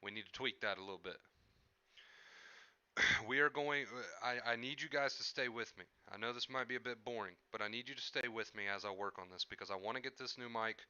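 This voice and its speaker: A man's voice: medium pitch, fairly quick, pushed and bright, clean tone, no echo, muffled recording. A man streaming live from home, chatting casually with his viewers into a headset mic and often repeating himself. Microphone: headset microphone.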